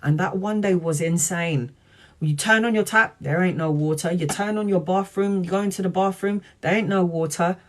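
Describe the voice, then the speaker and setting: A woman's voice: fairly low pitch, normal speed. Earnest chatty woman tarot reader. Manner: chatty, earnest, addresses viewers as guys. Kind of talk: live-stream spiritual talk.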